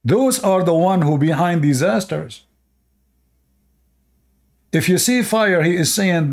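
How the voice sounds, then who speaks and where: A man with a somewhat high voice delivers preachy reaction commentary, indignant and scolding. He speaks English with non-native grammar and keeps asking his listeners whether they agree. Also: expressive, a little slow, darkish tone. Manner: indignant, preachy, asks the audience rhetorical questions. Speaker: online religious commentator.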